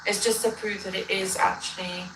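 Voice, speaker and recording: A woman's voice: medium pitch, little pitch movement, moderate pace, vocal fry, background noise. A woman ranting in a reaction video, rambling, combative and correcting herself as she goes, played back during a livestream. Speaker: livestreamer in a dispute.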